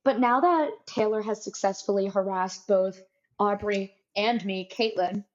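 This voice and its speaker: Woman co-host, halting and casual, mid pitch, muffled lo-fi audio. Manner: halting, restarts often. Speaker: podcast co-host. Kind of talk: casual chat.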